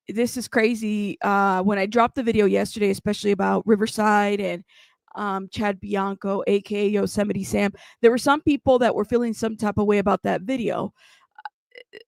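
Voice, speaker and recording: A woman's voice: fairly high pitch, creaky, no room sound. Breathless chatty livestream host woman. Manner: chatty, breathless, thanks chat often. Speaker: true crime news livestream host. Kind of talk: casual livestream commentary.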